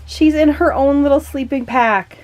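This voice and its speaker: A woman's voice: high voice, moderate pace, poor audio. Chatty young Minnesotan woman vlogging. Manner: chatty and gushing, many fillers. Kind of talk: casual vlog chat.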